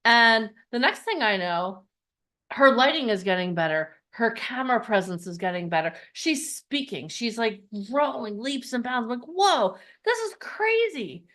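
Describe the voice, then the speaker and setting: A middle-aged woman hosting a live online event, telling success stories with excitement and talking straight to her viewers. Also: a little high, moderate pace. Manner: excitable, talks straight to viewers and asks them to type in the comments. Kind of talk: animated storytelling pitch to a live audience.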